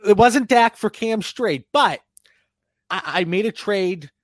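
A man's voice: high voice, lively intonation, a little slow, no echo, studio quality. A man appearing as a guest on a podcast, chatting casually in an easygoing way.

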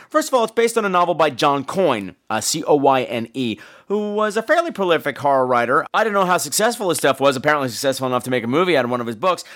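A man hosting a podcast, recapping a horror movie in a sarcastic, profane, animated storytelling way. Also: a little high. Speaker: podcast host. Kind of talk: casual movie-recap chat.

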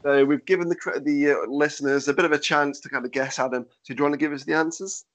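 A man hosting a podcast in casual chat, with a nasal, fairly monotone voice, swearing and laughing easily. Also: on the high side, fast talker. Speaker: podcast host.

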